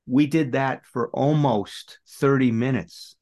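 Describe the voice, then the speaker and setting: A man's voice: mid-range voice, takes it slowly, a little mellow. A middle-aged man co-hosting a recovery podcast, telling a painful personal story in an earnest, emotional way.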